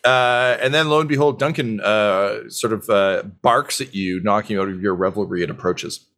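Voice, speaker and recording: A man's voice: lowish voice, normal speed, a bit bright. A man narrating as game master of a tabletop game, casual and full of fillers.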